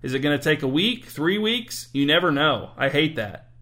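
A man's voice: fairly high pitch, very animated, moderate pace, bright, forceful tone. Chatty easygoing dude, guy reading it, storybook. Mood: breezy. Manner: breezy, chatty.

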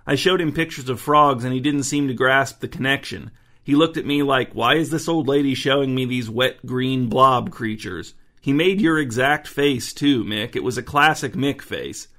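A man's voice: medium pitch, normal speed, a bit bright, lightly acted. A man reading the part of a chatty, fussy grandmother in a told story.

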